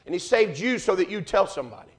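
A man preaching a fervent sermon in church, building rhythmic refrains and swinging between loud and hushed. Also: sits high, sing-song, quick pace. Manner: fervent, rising and falling in volume, repeated refrains.

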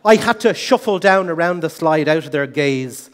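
A middle-aged man giving a humorous competition speech, an animated, self-mocking storyteller, in a large hall. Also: fairly high pitch, moderate pace, a little hiss or hum. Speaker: contest speaker. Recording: long hall reverb.

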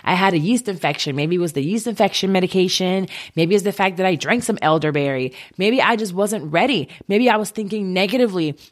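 Low-voiced woman telling a personal story. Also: lively intonation. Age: 30s. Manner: candid, halting, emotional retelling.

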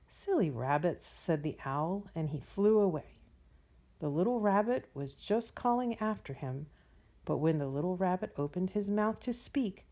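Woman, bedtime story reader: soft, drawn-out, mellow tone. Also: lowish voice.

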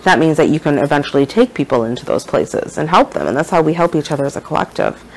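A woman's voice: deep voice, animated, fast, a little hiss or hum, poor audio. A woman speaking as a shaman and spiritual teacher in a casual spiritual monologue, rambling and earnest, often checking in with her listeners.

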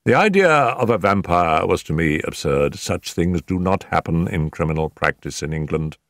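An older man reading an audiobook, voicing a confident detective who speaks in a crisp, precise manner. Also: low voice, expressive, normal speed, dry recording, clean studio sound. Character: man playing a brisk, confident male detective.

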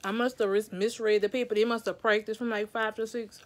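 A woman's voice: on the high side, brisk. A woman, chatting casually to her viewers from bed. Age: 30s. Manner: chatty, relaxed, addresses viewers as y'all. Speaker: vlogger mom. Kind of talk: casual vlog talk to camera. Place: at home in bed.

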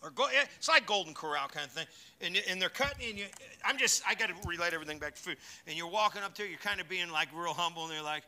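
A male pastor preaches a sermon at a church service, folksy and joking between scripture readings at a quick, animated pace. When he reads and exhorts, his voice grows louder and higher.

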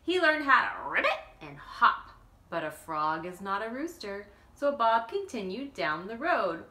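Animated woman reading a picture book. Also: mid-range voice, a little slow, echoey room. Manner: animated, with playful asides to listeners. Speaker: children's book reader.

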